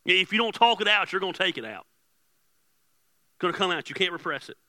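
A man preaching a casual, joking sermon as pastor, swinging from hushed asides to loud bursts. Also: high voice, animated, a little fast, no echo.

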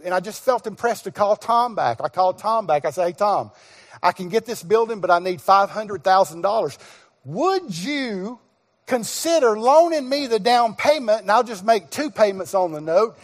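A middle-aged male guest pastor preaching, telling a personal story with acted-out dialogue and sudden shouts. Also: sits high. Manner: animated storyteller, acts out dialogue, bursts into shouts. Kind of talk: sermon storytelling. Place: church sanctuary. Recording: long reverb of a church hall.

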